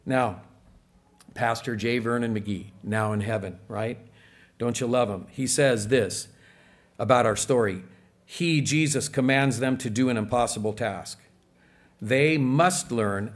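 A man preaching a sermon in a church, conversational and full of rhetorical questions to the congregation. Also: lowish voice. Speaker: pastor.

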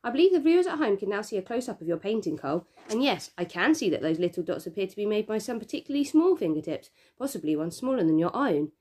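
A gleeful TV reporter in a storybook reading, played by a woman presses her questions with a bright, probing broadcast lilt. She sounds smug and sure of herself. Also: mid-range voice, very animated, fast, few pauses, voice pushed up.

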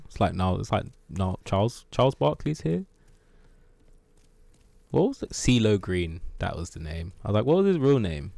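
Male streamer, lively sing-song delivery, rambling, foul-mouthed banter with chat during play. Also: lowish voice, moderate pace, vocal fry, no echo. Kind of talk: live gameplay commentary.

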